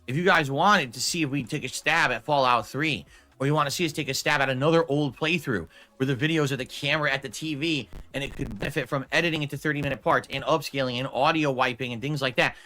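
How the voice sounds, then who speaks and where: A man talking through casual stream announcements with a stuffy, ticklish throat, rambling and often clearing his throat. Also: mid-range voice, fast, sharp tone.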